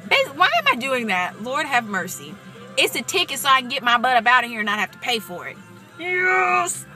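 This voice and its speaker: A young woman rambles cheerfully to her viewers in a casual vlog, hopping from one aside to the next. Her voice sits a little high and rings bright and forward. She sounds like she is recording indoors on a camera's own mic. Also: sing-song, fast, soft background music. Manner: bubbly, rambling, talks straight to viewers. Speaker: vlogger. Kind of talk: casual excited vlog chat.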